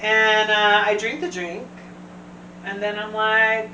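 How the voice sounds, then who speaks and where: Lady host telling a story and doing everyone's lines, bright voice, bit far off in an echoey room. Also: medium pitch, a little slow, dull audio, a little hiss or hum. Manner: animated storyteller, acts out quotes. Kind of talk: casual storytelling. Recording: echoey room, distant mic.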